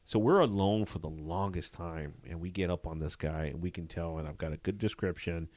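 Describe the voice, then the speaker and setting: A man, a police detective, telling a story in a casual interview, animated and full of "you know" fillers. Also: deep voice, brisk, dry recording.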